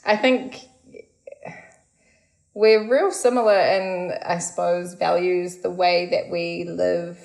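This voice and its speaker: A woman's voice: on the low side, steady tone, slow, gravelly, darkish tone, rough recording. A woman in her thirties, chatty and laughing easily, a guest in casual conversation.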